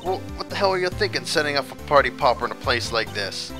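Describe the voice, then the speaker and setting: A man voicing a loud, blunt Southern country woman with an exaggerated drawl, over game music. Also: mid-range voice, lively intonation, quick pace, voice pushed up, natural voice. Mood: scolding.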